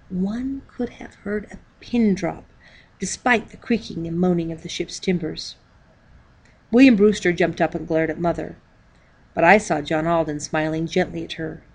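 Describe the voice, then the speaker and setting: A woman's voice: fairly low pitch, husky. A woman reading a diary-style children's book aloud, calling out the page numbers as she goes. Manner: reads page numbers aloud, measured storytelling. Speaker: reader.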